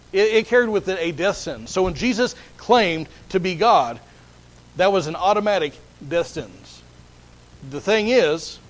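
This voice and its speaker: Man, high voice, pastor, sermon, earnest, repeats words. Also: rough recording.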